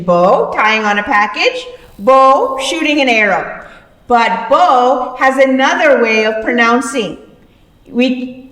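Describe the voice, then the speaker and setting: Slow, patient woman teacher, high voice. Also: fairly bright tone. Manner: slow, patient, repeats words. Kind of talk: classroom lesson explaining words. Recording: echoey room, voice far from mic.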